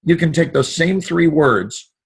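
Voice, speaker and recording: A middle-aged man talking as an interview guest, expansive and animated, acting out the voices he quotes. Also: a little high, measured pace, breathy edge. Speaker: guest actor. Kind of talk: motivational storytelling.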